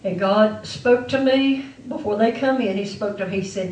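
A woman's voice: medium pitch, normal speed, a little mellow. A woman preaching a testimony sermon to her church with an emphatic, repetitive delivery. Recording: echoey room, mic far off.

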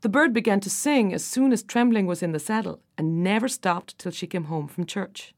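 A woman narrating a folk fairy tale in an unhurried storytelling manner. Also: medium pitch.

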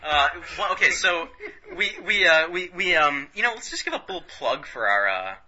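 Excitable laughing man, lo-fi podcast. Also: on the high side, moderate pace. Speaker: podcast co-host. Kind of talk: casual chat. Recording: dull lo-fi podcast audio.

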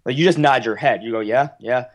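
A man's voice: medium pitch, rapid-fire. A young American man with a Philadelphia accent, a podcast guest rambling in casual chat and poking fun at himself. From United States. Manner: self-deprecating, rambling.

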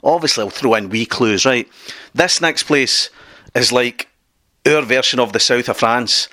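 A man's voice: medium pitch, a little slow, pushed and bright, no room sound. A man hosting a comedy podcast, leading in with chatty, playful setups. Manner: chatty, playful lead-ins. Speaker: podcast host.

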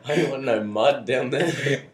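Joking podcast co-host, echoey room. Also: male voice, medium pitch, measured pace. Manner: teasing, joking interjections. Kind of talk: casual chat.

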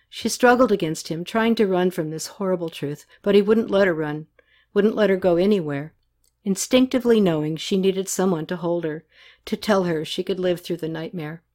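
Woman reading a novel, lowish voice. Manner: even, unhurried storytelling. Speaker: narrator. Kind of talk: novel read aloud.

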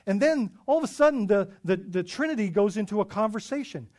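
A man preaching a sermon, animated and emphatic, acting out scripture voices and often repeating words as he goes. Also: sits high, fairly quick. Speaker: pastor.

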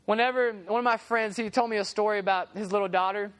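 A woman's voice: mid-range voice, quick pace, clean tone. A young woman preaching a sermon, telling stories and acting out the voices in them. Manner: animated, acts out voices in stories. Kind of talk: sermon with storytelling.

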